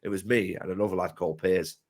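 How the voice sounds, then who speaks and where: Passionate football fan. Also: male voice, sits low, fairly even intonation, quick pace. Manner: passionate, gets loud and emphatic. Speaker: co-presenter. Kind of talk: casual chat.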